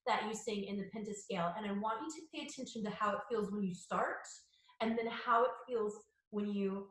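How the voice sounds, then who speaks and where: A woman's voice: mid-range voice, fairly quick, a bit bright. A woman voice teacher explaining singing technique in a chatty, explanatory way, with fillers and restarts. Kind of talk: spoken singing lesson with demonstrations. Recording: very echoey room with music.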